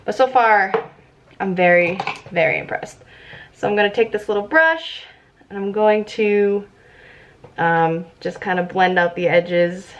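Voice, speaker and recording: A young woman vlogging casually about her makeup, excitable and giggly, chatting as she works. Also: mid-range voice, measured pace, long pauses, a little hiss or hum. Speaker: beauty vlogger. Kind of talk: casual makeup tutorial chat. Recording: slightly dull lo-fi audio.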